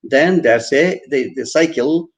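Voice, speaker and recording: A man's voice: medium pitch, measured pace. A man giving an online university lecture, repeating and restarting phrases as he explains with everyday examples.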